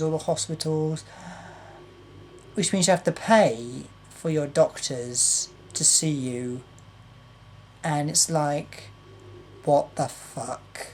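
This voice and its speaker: A woman's voice: deep voice, a little mellow, a little hiss or hum. A young woman ranting to camera, exasperated and repetitive, with some swearing. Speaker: vlogger. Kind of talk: political rant to camera.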